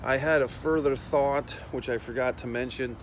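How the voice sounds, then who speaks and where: A man's voice: medium pitch, steady tone, moderate pace, a little hiss or hum, low-quality recording. A middle-aged man hosting a casual, profane rant while walking outdoors. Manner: blunt, profane, rambling. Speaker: host.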